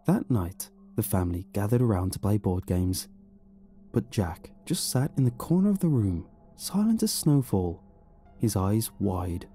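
A man narrating a horror story in an expressive, dramatic reading. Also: lowish voice, a little slow. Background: faint music.

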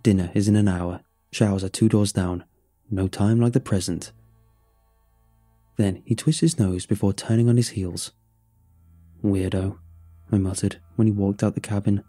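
A man reading a first-person story aloud and voicing its dialogue in a plain, low-key way. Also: steady tone, normal speed, warm tone, no echo, soft background music. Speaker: narrator.

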